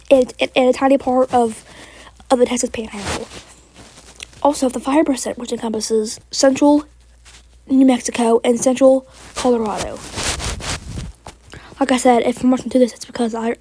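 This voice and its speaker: A woman's voice: sits high, dark tone, slight background noise. A woman reading a weather outlook in a rush, stumbling over place names and correcting herself, sounding frustrated. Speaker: amateur weather outlook presenter. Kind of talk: rushed weather forecast reading.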